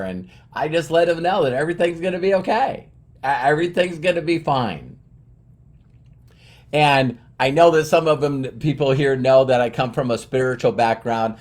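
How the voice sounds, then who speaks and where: A man in his fifties giving an earnest, rambling motivational monologue, often restarting his sentences. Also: mid-range voice. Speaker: motivational speaker.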